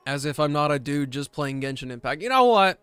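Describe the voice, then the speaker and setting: A man's voice: fairly high pitch, expressive, a little fast, fairly bright tone, smooth, dry recording, faint music behind. A man streaming a game and chatting casually, a rambling, self-deprecating overthinker. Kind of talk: casual gaming stream chat.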